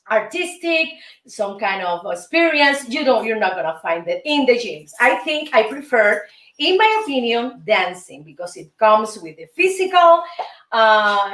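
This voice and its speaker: A woman with a Cuban Spanish accent teaches salsa in a high voice, counting the steps out loud. She speaks slowly, sounds far from the mic in a roomy, echoing space, and salsa music plays faintly behind her. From Cuba. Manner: counts steps aloud and chants rhythm syllables; enthusiastic, encouraging, calls viewers "my friends". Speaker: host and dance teacher. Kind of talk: salsa dance lesson.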